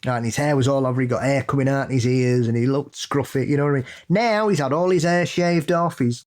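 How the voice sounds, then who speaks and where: A man co-hosting a podcast, chatting casually in a blunt, sweary, opinionated way that builds into animated rants. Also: medium pitch, quick pace. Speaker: podcast co-host. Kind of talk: casual chat.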